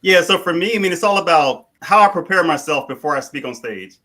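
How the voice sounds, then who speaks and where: Fast, bright-voiced man speaker. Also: a little high, rough recording. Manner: energetic, often adds "right?". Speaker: guest speaker. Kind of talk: casual panel talk.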